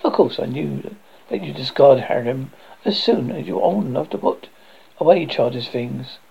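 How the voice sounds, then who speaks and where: A man voicing a calm, mocking male visitor who drops in at midnight and teases his host in a dry manner. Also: mid-range voice, moderate pace, gravelly, slightly rough, full character voice. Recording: dull lo-fi recording.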